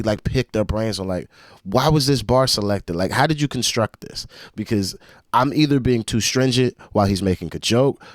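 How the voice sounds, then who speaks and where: A man in his young adult years, hosting a reaction video and picking apart rap lyrics in excitable, profane casual commentary. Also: mid-range voice, dry recording, studio quality. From United States.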